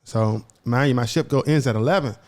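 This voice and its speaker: Fast-talking young man telling a story. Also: mid-range voice, a little mellow. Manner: retells events by acting out both sides of conversations; repeats and restarts phrases as he goes. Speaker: podcast co-host. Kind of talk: casual personal storytelling.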